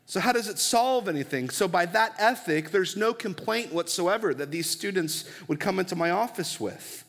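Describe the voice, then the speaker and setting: A man in his thirties preaches in a chatty, storytelling way with a slightly high voice. His speech rings with a long echo through a large church hall. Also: lively intonation, normal speed, fairly bright tone. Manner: conversational storytelling, asks the audience for agreement. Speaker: pastor. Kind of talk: sermon.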